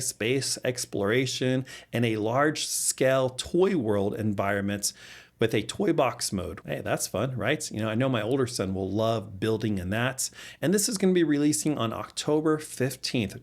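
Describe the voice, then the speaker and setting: A man in his thirties, a father hosting a gaming channel, talking casually through game news with easy laughs and relaxed asides. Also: mid-range voice. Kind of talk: casual commentary vlog.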